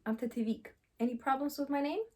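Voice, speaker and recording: A woman coach speaks seated to camera, mellow and a touch high in pitch. She talks emphatically, hammering the same phrases again and again. She throws out rhetorical questions as she advises. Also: fast talker. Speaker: relationship coach. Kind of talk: direct advice monologue to camera.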